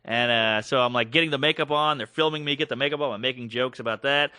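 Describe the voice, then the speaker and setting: A man co-hosting a podcast, telling a long story in a casual, animated way and acting out the voices of the people in it. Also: mid-range voice, fast, clear, resonant tone, no room sound, studio quality. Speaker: podcast co-host.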